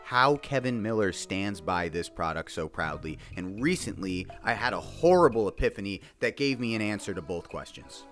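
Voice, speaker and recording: A man giving a casual, profane commentary rant, animated and mocking. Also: on the low side. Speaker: video commentator.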